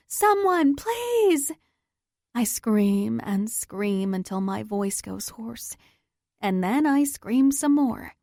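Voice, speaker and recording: A woman's voice: medium pitch, gravelly, a little mellow, no room sound, clean studio sound. A woman narrating a first-person romance audiobook in a tense, dramatic manner.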